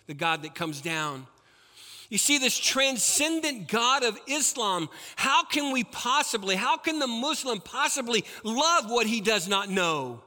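A man preaching a sermon as a pastor, swinging between loud emphatic peaks and soft, low passages. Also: animated, unhurried, big-room sound.

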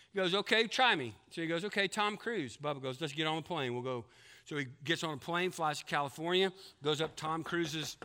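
A preacher delivers an emphatic sermon, telling a lengthy joke and performing each character with large leaps in pitch. Now and then his voice sinks to a quiet, hushed tone.

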